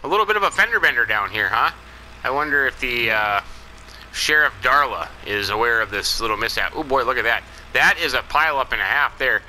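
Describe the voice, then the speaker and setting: Folksy guy doing a farm game let's play, really bright voice, faint game sounds behind. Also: mid-range voice, expressive, fairly quick, slight background noise, low-quality recording. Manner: folksy, rambling, chuckling asides. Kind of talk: casual game commentary.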